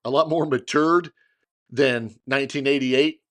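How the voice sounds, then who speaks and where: A middle-aged man co-hosting a podcast, retelling a story in a casual, animated way and acting out what others said. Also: mid-range voice, unhurried. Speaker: podcast co-host.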